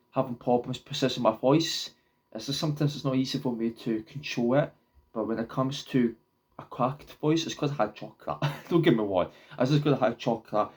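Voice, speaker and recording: A young vlogger talks casually to the camera, rambling and halting as he often stops, repeats, and restarts his words. His voice is lowish with a darkish tone.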